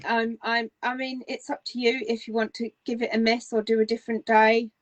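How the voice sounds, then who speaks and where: Encouraging woman with a higher voice. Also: flat delivery, rough recording. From northern England. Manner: encouraging, quick to agree. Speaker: podcast co-host. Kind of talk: casual chat.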